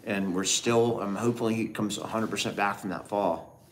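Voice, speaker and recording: A man's voice: on the low side, steady tone, moderate pace. A middle-aged man co-hosting a casual livestream, telling a family story and thanking viewers. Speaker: livestream co-host.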